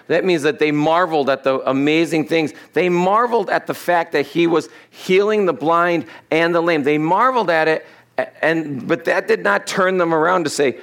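A man's voice: fairly high pitch, normal speed, a bit bright. A middle-aged man, a pastor, preaching an expository sermon in a loose, conversational way, laughing at his own asides and acting out the people in the text. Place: church sanctuary.

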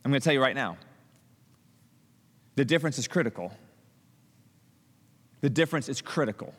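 A man preaching a sermon, telling stories with lively acted-out quotes and frequent stumbling restarts. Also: mid-range voice, moderate pace, long reverb tail. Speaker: pastor.

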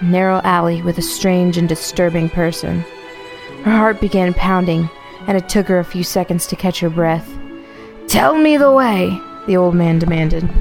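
Low-voiced woman telling a spooky tale. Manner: spooky storyteller turning sarcastic. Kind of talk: storytelling a scary tale.

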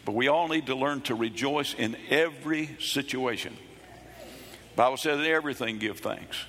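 A middle-aged man preaching a sermon, emphatic and repetitive, rising into sudden shouts. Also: mid-range voice, normal speed, long reverb tail. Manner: emphatic preaching, repeats phrases, bursts into shouts. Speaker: pastor. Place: church.

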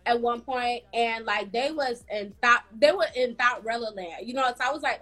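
A young woman co-hosting a casual chat show, talking with animated, laughing exclamations. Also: on the high side, normal speed. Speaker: podcast co-host.

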